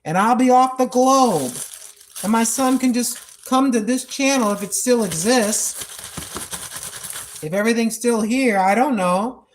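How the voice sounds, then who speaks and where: Out on a walk, a woman from the United States in her sixties records a vlog in a fairly high voice at a measured pace, with a slight hiss or hum present. Her earnest talk is prayer and testimony, delivered repetitively like a preacher.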